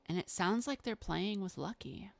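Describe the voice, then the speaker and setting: A woman narrating a tabletop role-playing game as game master, in a relaxed, unhurried way. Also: medium pitch, vocal fry, dry recording. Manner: relaxed, unhurried, frequent uh fillers.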